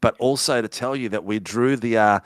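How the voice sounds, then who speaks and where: Chatty man hosting, smooth dry voice. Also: medium pitch, no room sound. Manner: chatty, matey, drawn-out phrasing. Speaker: broadcast host. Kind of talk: casual post-race interview.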